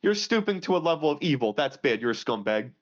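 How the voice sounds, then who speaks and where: A man with a fairly high voice rants crudely on a casual podcast, jumping from loud outbursts to low mutters. The audio sounds muffled and lo-fi. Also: big pitch swings, fast talker. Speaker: podcast co-host.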